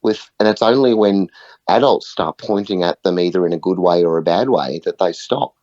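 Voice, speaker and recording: Low-voiced earnest man. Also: normal speed, darkish tone, no echo. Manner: earnest, storytelling, frequent "right?" checks. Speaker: guest, music facilitator. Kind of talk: conversational podcast interview. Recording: muffled, dull audio.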